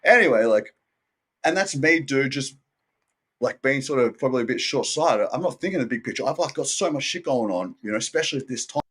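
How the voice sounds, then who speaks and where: This man, a guest in a casual interview, rambles in a relaxed way, dropping "dude" and "like" constantly and acting out the people he quotes. His voice is medium-pitched and fairly bright, with lively intonation, a slightly fast pace, and a breathy edge.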